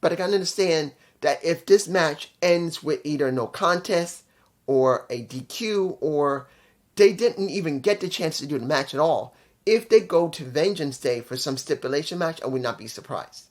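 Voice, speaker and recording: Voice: medium pitch, animated, moderate pace, darkish tone. Chatty, rambling show reviewer. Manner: loose and chatty, stumbles over names and corrects himself; blunt, opinionated. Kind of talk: casual rambling video review.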